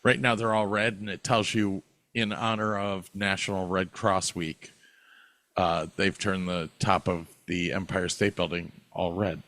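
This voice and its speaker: Man, podcast co-host, slow and loose, crude joker, dry close home mic. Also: sits low, fairly even intonation, fairly bright tone, no room sound. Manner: joking, crude humor. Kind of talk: casual chat.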